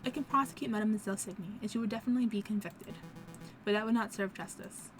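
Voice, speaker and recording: A woman voicing a principled male prosecutor in a game, speaking in a measured, earnest way over game music. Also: medium pitch, lightly acted, rough recording. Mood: reflective.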